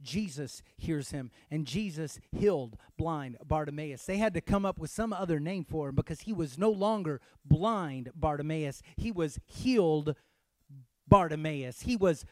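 A man from Texas preaching a sermon, dropping to near-hushed tones and then building to loud, urgent cries. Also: on the high side, expressive, a little slow, no echo, clean studio sound. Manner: dramatic, swings from hushed to shouting. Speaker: pastor.

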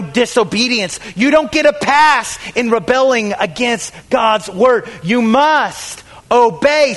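A man preaching a sermon with emphatic delivery, swinging from raised calls to hushed, whispered asides as he acts out excuses. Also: sits high, expressive, unhurried. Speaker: pastor.

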